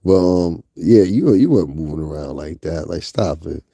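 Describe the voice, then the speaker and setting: A man with a Northeastern US accent delivers casual gossip commentary in a blunt, profane way, talking straight to his viewers. His voice sits fairly low and mellow. The recording is close and dry, with no room sound. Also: lively intonation, moderate pace, vocal fry, breathy edge, no echo. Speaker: commentary vlogger.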